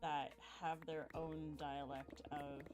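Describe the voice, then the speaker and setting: A woman chats casually while she plays a video game, wandering through her explanations and filling the gaps with "um." Her voice sits low for a woman. Game music plays clearly behind her. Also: flat delivery, takes it slowly, poor audio. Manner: rambling, explains with many fillers. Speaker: gaming channel host. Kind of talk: casual gameplay chat.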